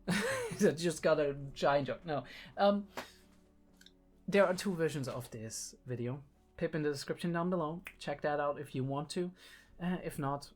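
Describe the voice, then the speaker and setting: A young adult man who isn't a native English speaker hosts a casual reaction video in a fairly high voice. He thinks aloud, pausing and restarting a lot.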